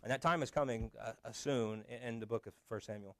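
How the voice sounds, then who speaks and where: A man's voice: mid-range voice, fairly quick, fairly bright tone, no echo. A man preaching a sermon as pastor in a conversational way, often restarting with fillers.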